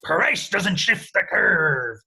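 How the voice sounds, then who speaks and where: A man putting on a pirate voice to chant a rule slowly and loudly, husky in tone. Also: high voice, very animated, voice pushed up, exaggerated voice. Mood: gruff chant. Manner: slow, loud and drawn out.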